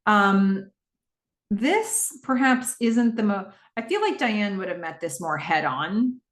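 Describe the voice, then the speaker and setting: A woman hosting a podcast, recapping a TV episode in a casual, animated way and quickly acting out the characters' lines. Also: medium pitch, echoey room. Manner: animated retelling with quick quoted voices of characters.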